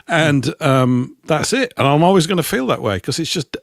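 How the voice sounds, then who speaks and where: A man's voice: on the high side, very animated, moderate pace, gravelly, no echo, studio quality. A British man in casual talk-show chat, rambling and opinionated as a co-host.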